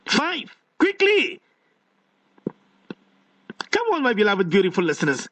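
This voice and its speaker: Man, radio host, very high pitch, playful, coaxing. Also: sing-song, pushed and bright. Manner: playful, coaxing, drawn-out emphasis. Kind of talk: live radio call-in chat. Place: radio studio.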